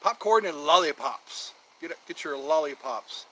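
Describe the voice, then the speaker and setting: A man's voice: a little high, animated, a little slow, a bit bright, poor audio. A man hosting a casual outdoor stream, chatting in a meandering, jokey way and drawing out some words. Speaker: channel host. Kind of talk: rambling casual livestream chat.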